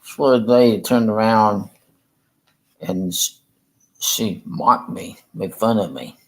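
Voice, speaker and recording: Slow, halting man. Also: lowish voice, poor audio. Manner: halting, rambling, repeats himself. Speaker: livestreamer. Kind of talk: casual livestream chat. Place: room in a rehab facility.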